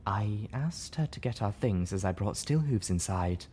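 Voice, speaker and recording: A man voicing a soft, sorrowful mare. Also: fairly low pitch, very animated, moderate pace, husky, heavily acted. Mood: morose. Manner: soft, morose. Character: gentle, sorrowful mare healer.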